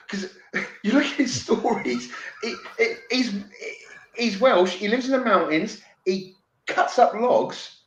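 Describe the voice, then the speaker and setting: A man from England in casual podcast chat, excitable, swearing freely and stumbling over restarts. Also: very high voice, moderate pace, lo-fi sound. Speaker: podcast guest. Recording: roomy with faint noise.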